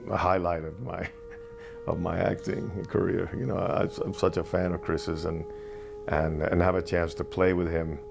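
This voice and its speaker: A man, an actor being interviewed, recalling anecdotes in a reflective, halting way with frequent restarts. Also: deep voice, level tone, gravelly, over music.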